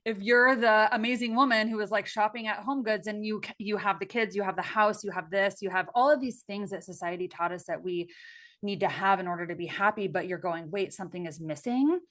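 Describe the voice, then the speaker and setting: A woman's voice: mid-range voice, fairly even intonation, fairly quick, fairly bright tone. A woman guest in a casual podcast interview, speaking reflectively and expressively with many filler words.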